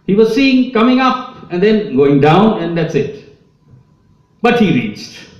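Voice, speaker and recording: A man's voice: high-pitched, very animated, unhurried. A man giving a public lecture with slides, telling a story with apologetic, emotional asides. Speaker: speaker giving a public talk. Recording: echoey hall, distant mic, dull sound.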